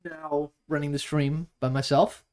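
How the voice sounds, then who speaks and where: A man's voice: fairly high pitch, flat delivery, measured pace, a little mellow, clean tone. A young man chatting and joking on a casual stream while tasting beers, full and hiccuping. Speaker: streamer co-host.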